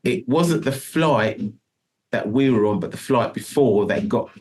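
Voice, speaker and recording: In a relaxed interview, a middle-aged male guest musician rambles through a long story, frequently restarting and asking "do you know what I mean." He speaks at a measured pace with a medium-pitched, expressive, slightly mellow voice.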